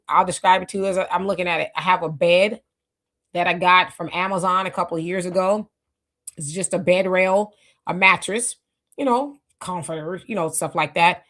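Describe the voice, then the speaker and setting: A middle-aged woman with a fairly low voice hosts a live stream, reading out viewer comments. She talks in a loose, reflective way, full of fillers and restarts. Her mouth sounds dry from fasting. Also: a bit bright. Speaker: livestream host reading chat comments. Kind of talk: casual live talk.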